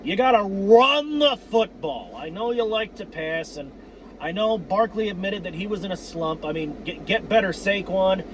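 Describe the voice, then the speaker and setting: High-voiced man ranting, profane and fired up. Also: animated, normal speed, a little hiss or hum. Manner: profane, worked-up, repeats himself, breaks into shouts. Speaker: sports fan vlogger. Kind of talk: ranting fan commentary.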